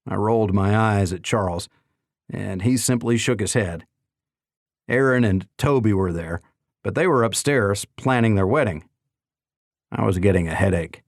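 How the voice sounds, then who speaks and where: A man narrating a novel in the first person in a measured, even storytelling manner. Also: fairly low pitch, no echo, clean studio sound. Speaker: audiobook narrator.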